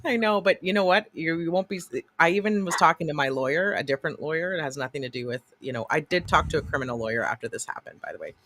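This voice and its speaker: A woman co-hosting a casual livestream, telling a story in an animated, swearing way and acting out the people she quotes. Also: low voice, quick pace, few pauses. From Canada. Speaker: co-host.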